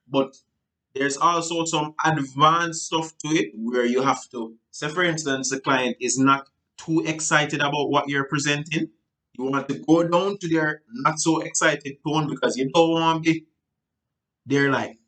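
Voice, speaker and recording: A man's voice: medium pitch, a bit bright, poor audio. A man giving a sales training seminar, talking loosely and checking in with "right?" as he goes. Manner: rambling, repeats "right?" and restarts; acts out sales talk in changing tones. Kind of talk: seminar teaching.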